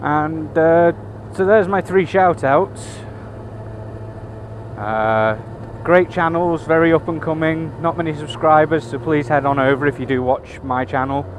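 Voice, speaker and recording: A man's voice: fairly high pitch, measured pace. A man riding a motorbike in town, chatting casually into a helmet camera mic, swearing freely and making wry asides. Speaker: motorcycle vlogger. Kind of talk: casual chat while riding. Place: on a motorbike in city traffic. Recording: road and engine noise.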